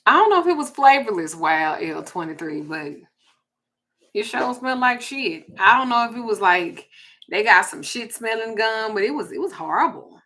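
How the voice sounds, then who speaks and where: A woman with a Southern US accent hosting a casual livestream, telling a story and reading viewer comments in a blunt, profane, animated way. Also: a little high, normal speed. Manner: blunt, profane, animated, with sudden loud jumps.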